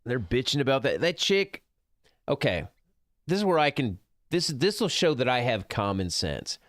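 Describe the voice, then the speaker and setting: A man's voice: mid-range voice, very animated, moderate pace, fairly bright tone, no echo. A man streaming a game, ranting casually and profanely, rambling and getting heated. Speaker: gaming streamer. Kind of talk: casual rant over gameplay.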